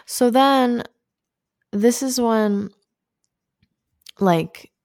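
A young woman in casual chat, calmly retelling a movie plot and quoting the characters. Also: a little high, very slow, no room sound, studio quality. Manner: relaxed, steady storytelling with fillers, quotes characters.

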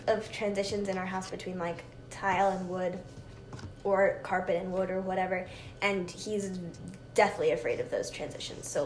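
Woman, casual podcast chat, giggly, roomy sound, faint hiss. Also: mid-range voice. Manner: chatty, giggly, lots of fillers. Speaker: podcast co-host.

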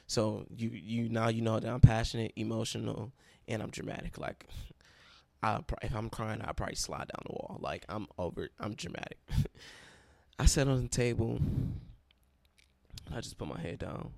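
Speaking at a moderate pace in a fairly low, gravelly, darkish voice, a young college Bible study leader tells his own testimony with no room sound. He is emotional and close to crying, describing himself as dramatic.

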